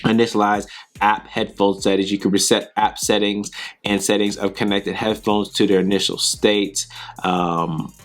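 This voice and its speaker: A man's voice: lowish voice, flat delivery, normal speed, faint music behind. A man casually walking through a headphone app's settings, talking through each option with frequent ums. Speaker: tech reviewer. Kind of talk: casual app walkthrough.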